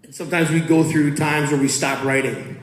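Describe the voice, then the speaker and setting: A man's voice: fairly high pitch, a little fast. A man in his fifties, a coach and student teacher, reciting poetry and chatting casually with students in a school hall. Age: 50s. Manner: relaxed, conversational, rhythmic when reciting. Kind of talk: poetry reading and talk to students. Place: school auditorium or large classroom. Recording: echoey room.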